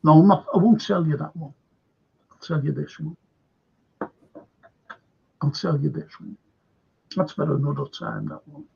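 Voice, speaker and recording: A man's voice: a little high, moderate pace, gravelly, pauses often, a little mellow, breathy edge. An older man hosting a show, telling a rambling story in casual chat and repeating himself. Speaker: host. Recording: dull lo-fi stream audio.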